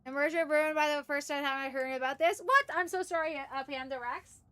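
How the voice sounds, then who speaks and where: A woman from Canada, chatting casually and excitably on a gaming livestream, swearing and cooing at her dogs. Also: high-pitched, brisk, no echo. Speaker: streamer.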